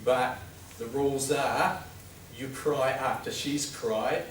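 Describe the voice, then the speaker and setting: A man's voice: medium pitch, steady tone, slow pace, slight background noise. A middle-aged man giving an informal lecture, telling stories in a conversational way. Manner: conversational, anecdotal storytelling. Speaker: speaker at a men's health talk. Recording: roomy hall, distant mic, faint ambience.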